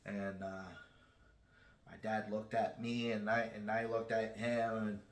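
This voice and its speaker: Low-voiced man rambling through a story. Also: flat delivery, echoey room. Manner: rambling, halting delivery with many restarts; self-described shy. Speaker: channel host. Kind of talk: casual personal storytelling.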